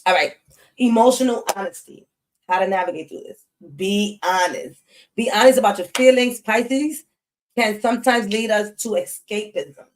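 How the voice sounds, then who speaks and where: Slangy, animated woman astrology streamer. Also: medium pitch, poor audio. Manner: animated, slangy, talks straight to the chat. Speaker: astrology live-stream host. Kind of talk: casual live-stream chat.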